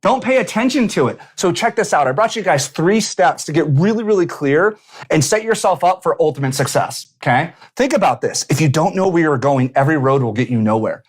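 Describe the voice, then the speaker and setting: A man hosting a business coaching show, talking in a punchy, animated way and acting out little quotes. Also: fairly high pitch, a little fast, slightly rough. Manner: punchy, animated, casual swearing, acts out quotes. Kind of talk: energetic motivational talk to camera. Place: San Diego.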